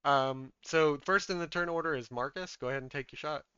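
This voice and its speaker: A man's voice: fairly high pitch, fairly quick, bright, forceful tone, clear, resonant tone, no echo, highs cut off. A man running a tabletop game as game master, talking in a casual, chatty, upbeat way.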